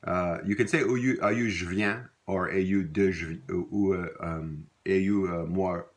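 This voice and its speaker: A man's voice: low voice, steady tone, normal speed. A man giving a recorded language lesson, patiently repeating example words with many fillers. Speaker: language teacher.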